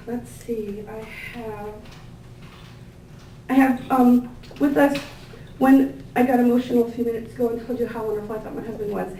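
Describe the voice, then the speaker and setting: A woman giving a thank-you speech at a gathering, introducing guests with warm, gushing words and many fillers. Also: a little high. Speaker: event organizer introducing staff and guests. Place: large indoor room with tables. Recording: echoey room, picked up from a distance, faint ambient noise.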